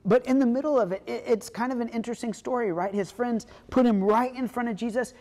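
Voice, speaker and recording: A woman pastor preaching a sermon in a relaxed, conversational storytelling way. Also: on the high side, quick pace, long reverb tail.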